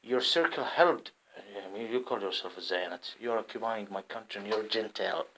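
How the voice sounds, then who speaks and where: A man from the Arab world, based in England, delivering a rambling, impassioned monologue to camera. He often repeats himself and swings between loud outbursts and muttering. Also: lowish voice, moderate pace, low-quality recording. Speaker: vlogger. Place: at home in England.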